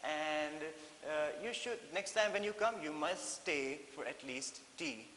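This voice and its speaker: A man's voice: expressive, a little slow, pushed and bright. A man with an Indian English accent voicing a cheerful female dolphin who welcomes visitors eagerly. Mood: pleading. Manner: high, squealing and eager, with many fillers. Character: cheerful excited female dolphin, warm hostess. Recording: echoey room with faint hiss.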